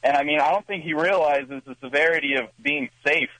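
A man's voice: a little high, a little fast, pushed and bright, dry recording, low-quality recording. A man calling into a radio show, telling an amused, rambling story full of fillers. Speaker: radio caller. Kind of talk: casual phone-in anecdote.

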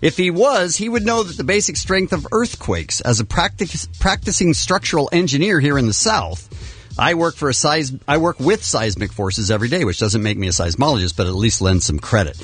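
A man co-hosting a radio talk show, reading listener emails with an animated, joking tone. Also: on the high side, fairly quick, husky.

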